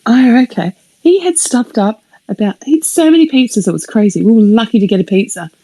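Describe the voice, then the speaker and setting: A middle-aged woman, telling a rambling personal story on a live stream, animated and swearing, sometimes dropping to a whisper. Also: fairly high pitch, a little fast, rough recording. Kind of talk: casual anecdote on a live stream.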